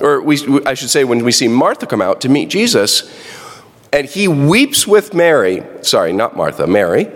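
A man preaching a sermon as a pastor, talking in a conversational way and correcting himself as he goes. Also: on the high side. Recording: long reverb.

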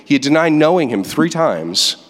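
A man's voice: fairly high pitch, moderate pace. Preaching man in a reverberant hall. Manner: preaching with lively emphasis, reading scripture aloud. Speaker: pastor. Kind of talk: sermon. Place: church sanctuary.

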